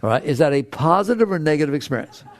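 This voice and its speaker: A man giving a spiritual talk to an audience, playful and animated, acting out inner thoughts and voices. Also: fast talker, dry recording. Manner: animated and playful, swinging from low hushed tones to high excited exclamations. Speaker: spiritual teacher.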